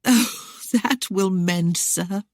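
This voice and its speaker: This is a spirited young noblewoman, voiced by a woman reading aloud, mocking and defiant in a period romance. The voice is husky and lively, with wide swings of pitch. The recording is close and dry. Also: measured pace, no echo. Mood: defiant teasing. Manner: teasing and defiant. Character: spirited young woman, sharp-tongued and proud.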